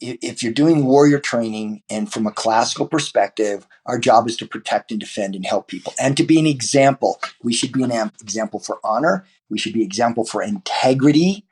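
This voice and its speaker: A man's voice: medium pitch, fairly quick, few pauses, a little mellow, slightly rough. A man, a martial arts teacher, talking as a podcast guest in a loose, rambling way with many restarts and fillers. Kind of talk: podcast interview guest, casual talk.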